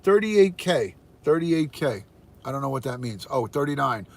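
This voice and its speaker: A man's voice: medium pitch, very animated, normal speed, vocal fry. Upbeat older man greeting live viewers. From United States. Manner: upbeat, greets viewers by name and counts viewers aloud. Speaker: livestream host, retired detective. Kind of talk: casual live-stream chat. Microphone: phone.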